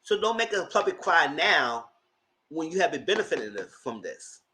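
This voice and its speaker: Animated sassy man chatting with viewers. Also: a little high, normal speed. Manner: animated, sassy, laughs often. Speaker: host. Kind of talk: casual commentary chat.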